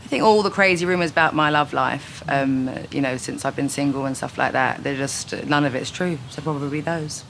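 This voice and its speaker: Woman, 30s, dry and candid interviewee, bright tone, faint hiss. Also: extremely low pitch, fairly quick, creaky, few pauses. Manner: frank, dry, laughs easily. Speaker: singer being interviewed. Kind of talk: casual quick-fire interview answers. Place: her home.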